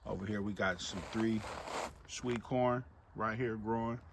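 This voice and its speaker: A man casually walking viewers through his home garden, chatty and relaxed, calling them y'all. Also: fairly low pitch, measured pace, noisy background. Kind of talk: casual walk-through narration. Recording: music playing clearly behind the voice.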